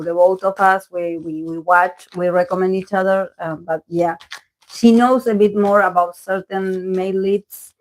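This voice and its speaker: On a live stream, a tarot reader who is a native Spanish speaker talks casually and rambles, full of fillers, restarts and self-corrections. Her voice is medium-pitched, and the recording quality is low.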